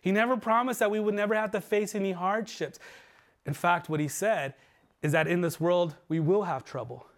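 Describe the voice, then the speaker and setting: High-voiced man preaching earnestly. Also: moderate pace. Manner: earnest preaching, voice dropping low and soft for emphasis. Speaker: pastor. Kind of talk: sermon. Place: church livestream.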